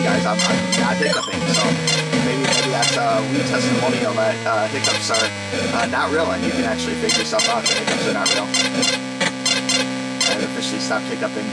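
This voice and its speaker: A man's voice: medium pitch, poor audio. A middle-aged man casually commenting on retro video games as he plays, chatty and rambling with lots of ums and restarts. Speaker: retro game reviewer.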